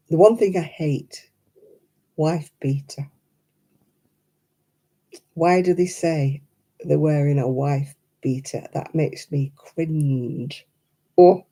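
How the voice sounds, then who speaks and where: A British woman chatting casually on her crafting livestream, mimicking people in high voices as she tells stories. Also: dark tone. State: struggling with hand pain. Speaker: livestream host.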